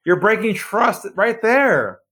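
A sales trainer guest, a man, tells sales stories slowly in a podcast interview, performing phone calls with lively shifts. Quiet, low tones are used for effect, and he jumps up high when playing excited callers.

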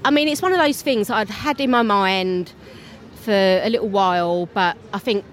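A woman's voice: medium pitch, normal speed, slight background noise. Scatterbrained tired Cockney woman. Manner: chatty, scattered, laughs often. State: tired, fried after a show. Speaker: theatre performer and interview guest. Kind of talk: casual interview chat. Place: festival venue straight after a show.

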